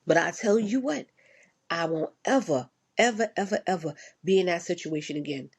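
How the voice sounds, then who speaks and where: A woman's voice: on the low side, animated, normal speed, husky. A woman ranting casually, blunt and profane, repeating herself for emphasis. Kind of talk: casual rant.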